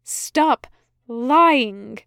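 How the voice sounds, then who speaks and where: A woman voicing a guarded male angel with a sharp, stern way of speaking. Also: a little high, drawn-out words, dry recording, studio quality. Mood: tense.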